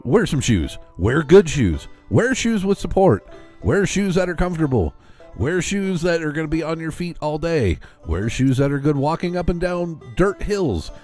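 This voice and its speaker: Man, casual co-host, fairly high voice, very lively delivery, joking, faint music behind. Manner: animated, joking, quick to agree. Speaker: podcast co-host. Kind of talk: casual chat.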